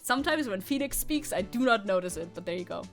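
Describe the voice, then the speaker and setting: A woman's voice: medium pitch, animated, fast talker, a bit bright. A woman streamer giving casual, playful commentary while playing a game, laughing and swearing freely, over faint game music.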